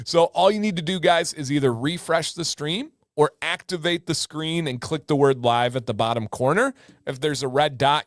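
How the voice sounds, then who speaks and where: Casual livestream host, male, thirties, animated storyteller with a smooth voice and a dry close sound. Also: medium pitch, no room sound.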